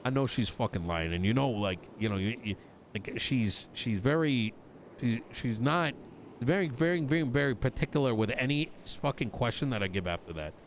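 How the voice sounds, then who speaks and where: A man's voice: mid-range voice, expressive, normal speed, slight background noise. A man in character during an online roleplay, exasperated and swearing as he retells an argument with quoted dialogue. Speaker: roleplayer voicing a politician character.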